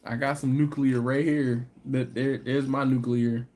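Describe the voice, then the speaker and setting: A man hosting a barbecue channel's live stream, chatting casually and answering viewer comments, animated and laughing, climbing into exasperated rants. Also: medium pitch, unhurried, noisy background.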